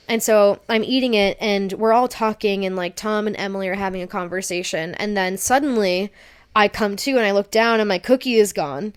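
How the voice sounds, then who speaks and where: A young woman with a smooth, resonant voice tells a long personal story on a podcast. She talks casually and acts out her own panicky lines as she goes. Her pitch sits at a middle level for a woman. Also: brisk. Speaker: podcast co-host.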